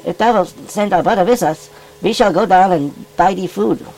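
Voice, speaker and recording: A man's voice: high-pitched, normal speed, vocal fry, darkish tone, rough recording. A man voicing a cheerful, folksy furry animal rabbi who reads scripture aloud with emphatic, old-fashioned phrasing. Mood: storytelling. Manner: folksy, emphatic King James reading. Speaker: scripture reader. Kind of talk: puppet-style children's Bible reading.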